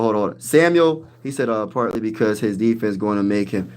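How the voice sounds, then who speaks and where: A man hosting a casual sports livestream, hyping his team with loud trash talk and reading viewers' comments aloud. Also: fairly low pitch, lively intonation, brisk, clear, resonant tone. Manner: hyped trash talk, reads chat aloud. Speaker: livestream host.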